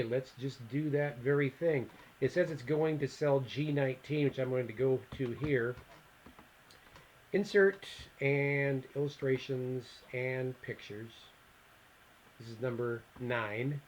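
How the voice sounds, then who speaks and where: A man teaching a software lesson on a screen recording. He thinks aloud, reads out the steps and mutters asides to himself as he clicks through them. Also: medium pitch, slight background noise, low-quality recording. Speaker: instructor.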